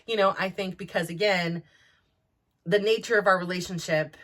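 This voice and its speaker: Give me a bright, sharp-toned woman in her forties, musing aloud in a long, rambling, candid monologue. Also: fairly low pitch, fairly even intonation, normal speed. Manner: rambling, full of restarts and "like". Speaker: podcast host.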